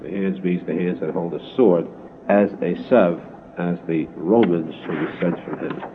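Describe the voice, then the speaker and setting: Deep-voiced man teaching over tinny audio. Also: a little hiss or hum. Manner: earnest, measured storytelling with repeated phrases. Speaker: religious teacher. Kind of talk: Torah lesson. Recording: tinny phone-like low-fi recording.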